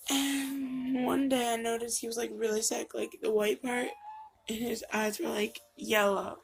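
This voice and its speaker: A woman's voice: on the high side, level tone, measured pace, vocal fry, slight background noise. A woman vlogging casually at home into her camera mic, rambling with lots of fillers and getting emotional. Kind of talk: casual confessional vlog. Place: home room.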